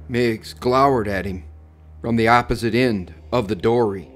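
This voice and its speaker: Slow, suspenseful male storyteller. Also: mid-range voice. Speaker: horror story narrator. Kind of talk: dramatic reading of a horror story. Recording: faint music under the voice.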